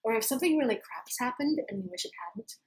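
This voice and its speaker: A woman life coach telling a story straight to camera, animated and casual, acting out the characters as she goes. Her voice sits slightly high. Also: fast talker, rough recording.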